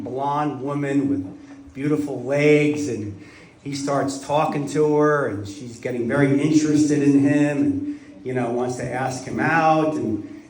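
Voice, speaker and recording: A man's voice: mid-range voice, slight background noise. A middle-aged man telling rambling jokes at a party, chuckling through his stories. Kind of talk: stand-up joke telling at a party. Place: studio party room. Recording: roomy sound from a distant mic.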